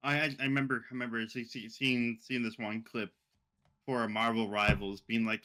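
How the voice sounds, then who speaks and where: A man's voice: mid-range voice, little pitch movement, a little fast, pushed and bright. A young man co-hosting a casual gaming podcast, laughing and swearing freely as he talks. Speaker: podcast co-host.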